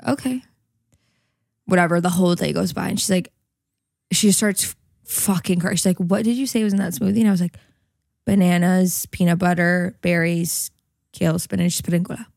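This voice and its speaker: A woman's voice: on the low side, flat delivery, moderate pace, gravelly, pauses often, darkish tone, dry recording, clean studio sound. A young woman co-hosting a casual podcast, telling a rambling story, swearing freely and giggling. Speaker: podcast co-host. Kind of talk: casual chat.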